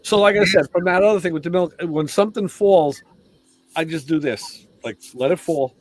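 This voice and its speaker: A man's voice: fairly high pitch, moderate pace, a little hiss or hum. Older man telling shop stories. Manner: storytelling, laughing, repeating words. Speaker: show regular. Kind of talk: casual live-stream chat.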